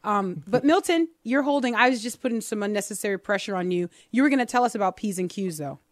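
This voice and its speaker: A woman's voice: medium pitch, lively intonation, quick pace, no room sound, studio quality. A woman hosting a call-in radio show, playful and teasing in casual chat. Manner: playful, teasing, laughs often.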